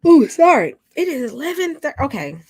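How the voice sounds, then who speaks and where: A woman's voice: high-pitched, very animated, fairly quick, a little mellow, no echo. A middle-aged woman, chatting casually and sleepily to viewers on a late-night livestream. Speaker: livestream host.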